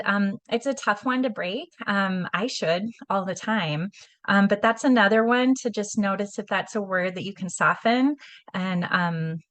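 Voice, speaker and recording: A woman's voice: mid-range voice, a bit bright. Woman instructor, easygoing lecture delivery, filler-heavy, mid-range voice. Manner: casual, conversational, frequent ums and restarts. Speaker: communication skills instructor. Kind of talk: online class lecture.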